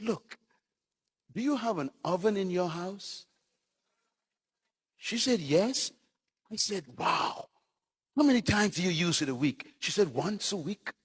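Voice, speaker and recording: A man's voice: high voice, husky, in a large hall. A man preaching a sermon as a pastor, delivering short punchy phrases and telling stories to his congregation.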